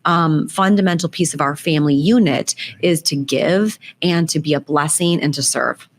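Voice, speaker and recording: Interview guest: woman, lowish voice, earnest heartfelt storyteller. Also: moderate pace, a little hiss or hum. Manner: earnest, emotional storytelling with faith references. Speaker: guest, business founder and CEO. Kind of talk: conversational storytelling in a podcast interview.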